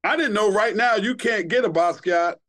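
A man's voice: high-pitched, normal speed. A middle-aged man from Queens, a radio DJ guest on a podcast, telling a story with lots of swearing. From Queens, New York. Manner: profane, animated storyteller.

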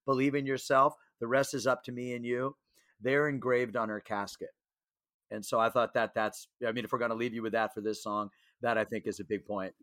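Male podcast co-host, mid pitch, plain explainer, dry mic. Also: fairly even intonation, a little fast, a bit bright, no room sound. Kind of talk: casual podcast commentary.

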